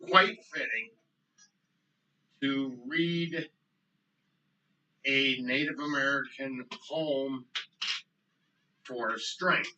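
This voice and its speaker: Slow, bright-voiced man, choked up. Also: mid-range voice, distant mic, lo-fi sound. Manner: choked up, halting with many ums. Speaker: podcast co-host. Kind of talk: casual chat.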